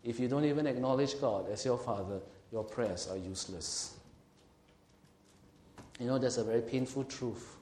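A male pastor preaching an emphatic sermon. He slows and swells on scripture and asks the congregation questions. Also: mid-range voice, a little mellow, a little hiss or hum. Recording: roomy hall echo.

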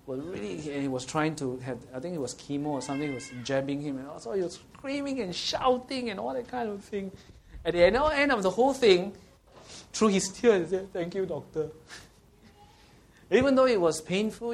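Animated preacher, slightly high voice. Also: male voice, slight background noise. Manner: anecdotal, animated preaching with laughter and rhetorical questions. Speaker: pastor. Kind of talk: sermon.

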